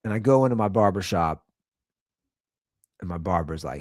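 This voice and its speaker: A man holds forth on his own talk show in a loose, ranting way. His pitch jumps all over as he builds to incredulous peaks and then drops low again. The sound is close and dry, with no room around it. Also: fairly quick, vocal fry, pauses often, dry recording. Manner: incredulous, repeats lines for comic emphasis; animated storyteller, swings between loud and low. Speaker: podcast host. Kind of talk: casual comedic rant.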